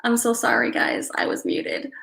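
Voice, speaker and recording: Bright-voiced chatty woman, echoey room. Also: fairly high pitch, huge pitch swings, moderate pace, creaky. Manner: chatty, apologetic, laughs easily. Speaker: livestream host doing card readings. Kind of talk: casual live-stream chat.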